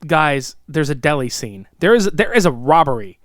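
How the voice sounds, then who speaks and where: A man's voice: on the high side, moderate pace, no room sound, studio quality. A man in his thirties co-hosting a podcast, reviewing a film in casual, profane chat and acting out its scenes. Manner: excitable, swearing, acts out movie lines. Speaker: podcast co-host.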